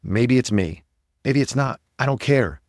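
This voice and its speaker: A man's voice: medium pitch, animated, unhurried, a little mellow, no room sound, clean studio sound. A man hosting a podcast, talking in an upbeat, motivational, rambling way. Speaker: podcast host and coach. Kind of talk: casual podcast talk.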